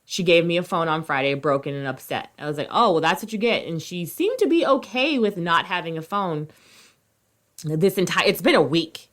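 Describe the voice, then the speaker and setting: A woman in her thirties co-hosting a podcast in casual chat, expressive and swearing freely, swinging between loud and quiet. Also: lowish voice, normal speed. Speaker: podcast co-host.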